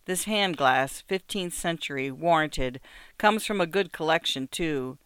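A sharp-tongued male shop dealer, as a reader puts him on, with a dry, biting voice. He talks curtly and impatiently, the voice clean and close. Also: medium pitch, unhurried, clear, resonant tone, no echo, lightly acted. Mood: smooth salesman. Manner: brusque, impatient, mocking chuckles.

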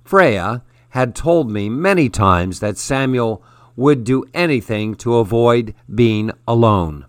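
A man reads a first-person story at a slow, measured pace, earnest and even. His voice sits at an ordinary male pitch. The recording is dry and close, with no room sound. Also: no echo. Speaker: audiobook narrator.

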